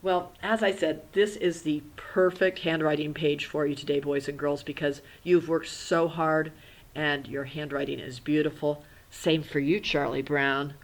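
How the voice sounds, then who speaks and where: A woman teaching a kindergarten handwriting lesson. She is patient and gentle and spells words out letter by letter. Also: low-pitched, moderate pace, slight background noise, low-quality recording. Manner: gentle, instructive.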